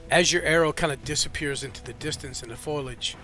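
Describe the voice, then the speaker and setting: A man's voice: a little high, quick pace, bright, forceful tone, soft background music. A man narrating as dungeon master in a rambling way, with many fillers and self-corrections, with the hiccups. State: has the hiccups. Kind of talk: narrating a tabletop game.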